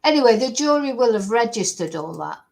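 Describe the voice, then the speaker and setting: A woman hosting a true crime channel, talking casually and reacting in an animated, incredulous way, often repeating herself. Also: on the high side, a little fast, vocal fry, poor audio. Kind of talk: reacting to played clips, casual commentary.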